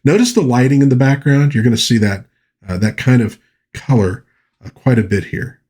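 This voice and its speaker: Husky-voiced man casually reviewing a film. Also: mid-range voice, normal speed, darkish tone. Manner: retells scenes, briefly mimicking characters' lines; loose, chatty, many fillers and restarts.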